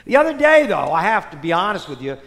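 A man preaching a sermon, telling stories in an animated way that swings between loud and soft. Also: high voice, fast talker, creaky. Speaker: priest. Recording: long hall reverb.

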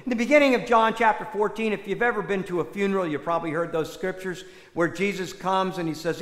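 A man's voice: high voice, quick pace, hardly any pauses, fairly bright tone. A man preaching a conversational sermon in a large church hall, putting rhetorical questions to the listeners. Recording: echoey hall with long reverb.

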